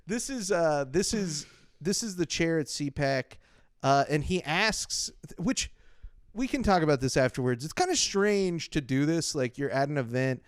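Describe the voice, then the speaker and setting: A man's voice: fairly high pitch, expressive, measured pace, fairly bright tone, no room sound, clean studio sound. A man hosting a podcast, chatting in a joking, sarcastic way and laughing often. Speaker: podcast host. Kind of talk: casual comedy chat.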